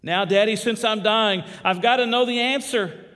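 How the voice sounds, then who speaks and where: A male preacher voicing a dying teenage girl who pleads with her father, his voice rising high and emotional. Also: a little fast, dark tone, big-room sound, close to an everyday voice. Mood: pleading.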